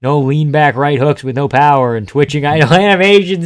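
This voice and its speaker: A man's voice: on the high side, a little fast, few pauses, clean tone, no echo, clean studio sound. A man streaming live, chatting casually and joking through a fight watch-along, reading chat aloud and swearing freely.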